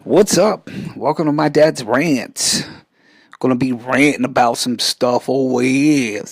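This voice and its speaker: A man's voice: mid-range voice, measured pace, dry recording. Chatty rambling man in his forties. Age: 40s. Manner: loose and chatty, trailing off and restarting. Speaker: podcast host. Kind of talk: casual rambling rant.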